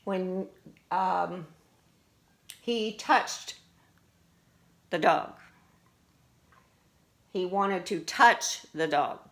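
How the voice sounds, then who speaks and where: A woman teacher slowly explaining vocabulary words, their parts of speech and syllables, in a deliberate classroom manner. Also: fairly low pitch. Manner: slow and deliberate, explaining word by word. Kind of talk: vocabulary lesson.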